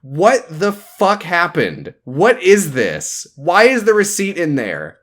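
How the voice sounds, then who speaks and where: A man co-hosting a casual movie podcast, talking in an animated, incredulous way and swearing freely. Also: sits high, slow pace. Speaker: podcast co-host.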